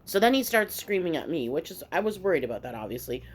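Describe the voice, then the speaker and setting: A woman vlogger telling a story in casual mukbang chat, animated and swearing freely. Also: fairly low pitch, fast.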